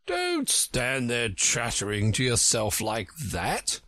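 A man voicing a pompous, touchy egg-shaped man in a storybook reading, drawling slowly and huffily. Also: mid-range voice, huge pitch swings, sharp tone, no echo, clean studio sound, exaggerated voice. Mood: haughty. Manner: pompous, slow and huffy.

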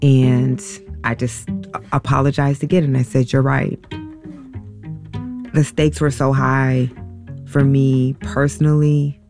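A middle-aged woman telling a painful personal story in a halting, emotional way, with many restarts and fillers. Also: very deep voice, little pitch movement, gravelly, warm tone, soft background music. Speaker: interview guest.

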